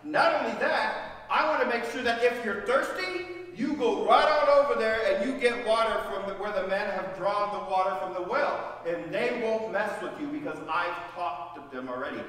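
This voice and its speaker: Boaz, a pastor voicing a generous landowner. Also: male voice, high-pitched, big pitch swings, measured pace. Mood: reassuring. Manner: reassuring, emphatic promises. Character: Boaz, generous landowner, middle-aged man. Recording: echoey church hall, voice from far off.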